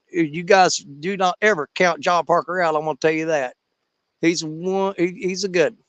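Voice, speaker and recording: A man with a drawl chats casually with his livestream viewers, calling them brother. His voice sits high for a man, and the recording is dry and close. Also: fairly bright tone, clean tone, no room sound. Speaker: livestream host. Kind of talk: casual livestream chat reading viewer comments.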